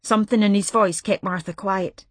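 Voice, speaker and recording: A woman's voice: medium pitch, steady tone, normal speed, no room sound. Woman narrating an audiobook, dry and close. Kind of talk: scripted narration.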